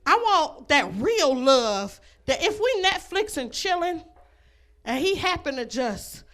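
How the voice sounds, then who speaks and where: A woman's voice: sits high, big pitch swings, takes it slowly, fairly bright tone. A woman doing a stand-up comedy set, brash and laughing between her jokes, on a comedy club stage.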